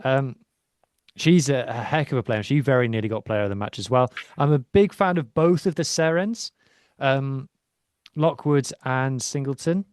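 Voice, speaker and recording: A man co-hosting a relaxed podcast talks rugby enthusiastically and at length, rambling and using frequent ums. He speaks at a moderate pace in a medium pitch, recorded in the studio with no echo.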